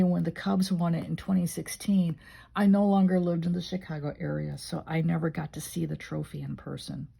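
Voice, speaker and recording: Her voice is on the low side, mellow, with vocal fry and a breathy edge. She's an older journaling vlogger from Illinois, USA, paging through her journal and chatting in a loose, emotional, conversational manner.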